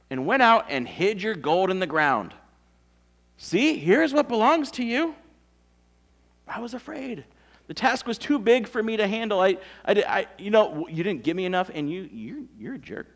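A preacher acting as a stammering, fearful servant. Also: male voice, high voice, fairly bright tone, pitched above the performer's own voice, heavily acted. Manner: nervous, stammering excuses. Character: fearful, excuse-making male servant.

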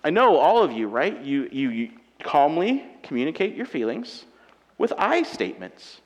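A married man preaching a sermon with animated, self-mocking humor, acting out everyday quarrels. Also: a little high, normal speed, muffled recording. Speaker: pastor. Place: church auditorium. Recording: long reverb of a large hall.

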